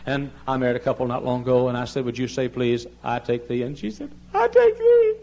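Older man as a pulpit preacher, a dramatic sermon that swings from hushed appeals to loud cries, at times away from the mic. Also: medium pitch, fast, lo-fi sound. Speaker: pastor. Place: large church sanctuary.

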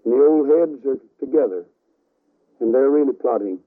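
This revival preacher tells his story with flair, jumping suddenly from booming to hushed, all captured on a thin, tinny radio broadcast. His pitch is medium and his delivery animated at a moderate pace.

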